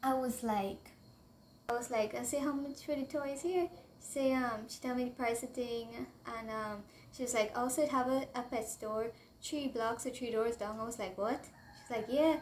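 Young Trinidadian woman, high voice, excitable rambling storytime vlog, slips into dialect. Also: normal speed, a little hiss or hum. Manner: chatty, rambling, excitable, drifting into local dialect. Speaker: vlogger. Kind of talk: casual storytime chat to camera.

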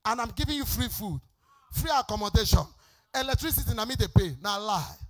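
A woman's voice: mid-range voice, animated, fairly quick. A middle-aged Nigerian woman preaches at a church service. Her sermon rises and falls in a sing-song cadence. She turns emphatic and scolding as she drives each point home. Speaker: pastor.

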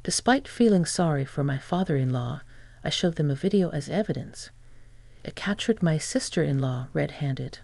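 Woman narrator, even measured delivery, gravelly and dark-toned, for story narration. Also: low-pitched, no echo. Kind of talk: scripted narration.

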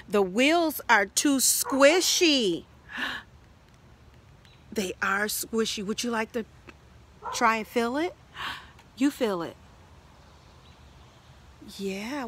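A woman, an early childhood educator, reading a picture book aloud to toddlers in a slow, sing-song way and asking the child questions. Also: on the high side, sing-song, sharp tone, a little hiss or hum.

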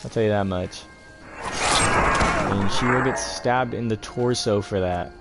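A man's voice: lowish voice, slow pace, loud music behind the voice. A young man giving laid-back, chatty gameplay commentary and talking to his viewers. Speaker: gaming host.

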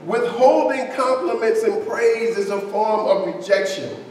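A man preaches slowly in a high voice, loose and conversational, breaking off to joke with his congregation. The mic sits far back in a big, echoing church hall with a long reverb tail. A faint hiss runs underneath. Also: darkish tone. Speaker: pastor. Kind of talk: sermon.

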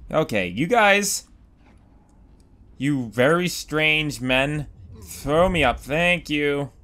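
A man's voice: fairly high pitch, lively intonation, slow, a bit bright. A man giving casual commentary over his own game playthrough, goofy and rambling, exclaiming at what happens on screen. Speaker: Let's Play gamer.

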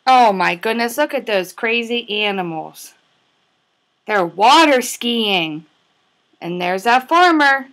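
Upbeat lady teacher reading a kids book, lots of animal noises, bright voice. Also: on the high side, takes it slowly, a little hiss or hum. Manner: animated, making animal sounds. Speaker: preschool teacher. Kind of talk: reading a picture book to toddlers.

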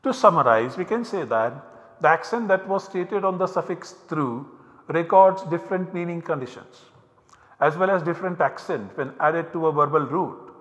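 A man with an Indian English accent giving a recorded university lecture, explaining step by step with measured pauses. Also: fairly high pitch, fairly bright tone. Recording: dull, hall-like lecture recording.

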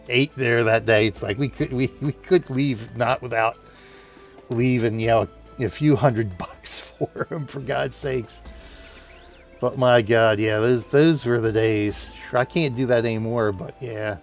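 A man in his forties telling a long, laughing anecdote while playing a game, chatty and full of restarts. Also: medium pitch. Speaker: gaming video host. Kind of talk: rambling anecdote over gameplay.

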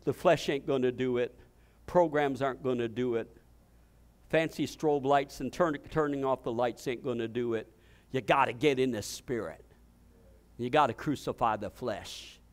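A male pastor with a medium-pitched voice preaches an impassioned sermon at a moderate pace. He swings between loud declarations and hushed, intimate passages.

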